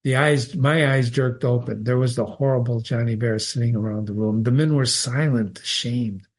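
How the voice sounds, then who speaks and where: A man reading a short story aloud, measured, with an occasional slip. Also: medium pitch, steady tone. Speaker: reader.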